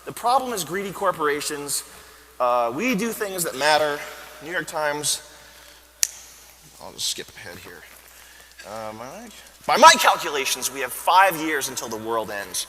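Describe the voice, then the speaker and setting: A man delivers a mock-inspirational stage talk with bombastic swings and sudden shouting. His voice is bright and forceful, a little high. It rings through a reverberant university auditorium with faint room ambience behind. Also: big pitch swings, a little slow, pauses often. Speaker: comedic stage speaker. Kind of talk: parody motivational talk. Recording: echoey hall with faint ambience.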